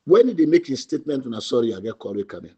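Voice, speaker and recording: A man with a husky Sierra Leonean Krio English accent argues political points with real fire. He keeps hammering the same phrases and often climbs into loud, high bursts of emphasis. His pitch stays middling for a man. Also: very animated, fast talker, muffled recording. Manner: emphatic, repetitive, rising to shouts. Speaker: party spokesman. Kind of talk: impassioned political commentary.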